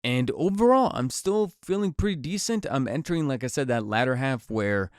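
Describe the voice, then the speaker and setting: A man's voice: mid-range voice, lively intonation, moderate pace, no room sound, clean studio sound. A man hosting his own podcast in casual chat, a bit nasal and congested from a cold, rambling with many fillers and restarts. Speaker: podcast host. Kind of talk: casual solo podcast talk.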